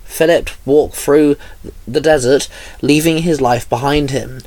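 A man narrating a fan fiction story aloud in a plain, steady storytelling manner. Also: on the high side, measured pace, music in the background.

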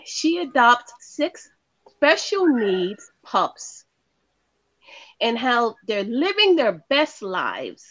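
A woman's voice: a little high, a bit bright, dry recording, dull audio. A woman co-hosting a podcast, chiming in with affirmations and reading out feel-good news stories. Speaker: podcast co-host. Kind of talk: casual chat and story reading.

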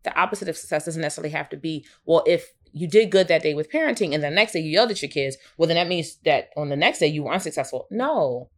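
A woman in her thirties co-hosting a casual podcast, telling a personal story expressively with big swings in pitch. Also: expressive, fast talker, few pauses. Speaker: podcast co-host.

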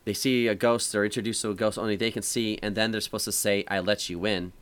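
A man with a fairly low voice rambles through a story on a relaxed podcast chat. He keeps circling back, piling up "like" and "um" as he goes. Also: fast talker, clear, resonant tone. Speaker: podcast host. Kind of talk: casual chat.

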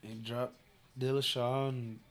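A man's voice: medium pitch, little pitch movement, a little slow. A young married man chatting casually about fights and jiu-jitsu, easygoing, with mumbled asides and casual swearing. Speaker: podcast co-host, jiu-jitsu competitor. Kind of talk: casual chat.

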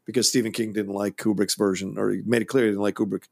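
Gravelly, husky male podcast co-host. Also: on the low side, little pitch movement, a little mellow. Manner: emphatic, quick to laugh along. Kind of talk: casual film discussion.

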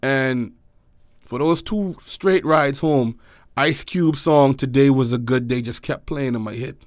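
A young man telling a personal story in casual chat, animated and acting out quotes. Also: unhurried, no echo, studio quality. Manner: animated, acts out quotes in high voices.

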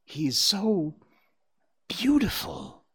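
A man voicing a shy, wondering young male fawn in a storybook reading, asking soft, high, tentative questions. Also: sing-song, very slow, husky, heavily acted. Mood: awed.

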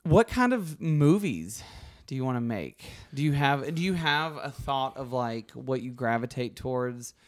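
A man's voice: medium pitch, lively intonation, measured pace. Chatty Southern American man. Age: 30s. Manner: chatty and encouraging, laughs often. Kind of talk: casual conversation.

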